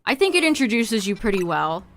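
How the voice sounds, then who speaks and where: A woman's voice: mid-range voice, sing-song, fairly quick, a little hiss or hum. A woman streaming a game, chatting casually with her viewers, laughing often and trailing off mid-sentence. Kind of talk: casual livestream chat to viewers.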